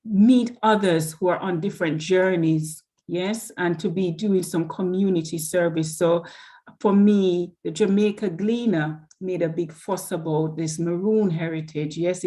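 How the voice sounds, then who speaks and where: An earnest woman guest in an interview, speaking with encouragement and conviction. Her voice sits a little low for a woman and keeps a steady, sincere tone throughout. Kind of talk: interview conversation.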